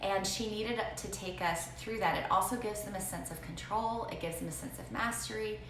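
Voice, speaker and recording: A middle-aged woman from Southern Alabama with a Southern accent, co-hosting a morning show and telling family stories in an animated, chatty way. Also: medium pitch. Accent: Southern American. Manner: animated storytelling, quick asides. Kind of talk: casual chat. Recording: roomy echo, faint noise.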